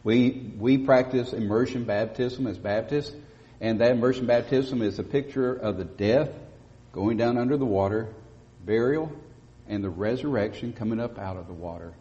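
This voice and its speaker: A man preaching a sermon as pastor, speaking emphatically and rising to loud stresses on key words. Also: mid-range voice, normal speed. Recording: dull lo-fi audio with long church reverb.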